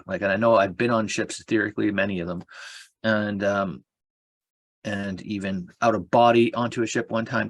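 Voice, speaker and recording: A man's voice: fairly low pitch, fairly bright tone, no echo. A man who is a guest on a spiritual talk. He tells a rambling, casual story full of fillers and restarts.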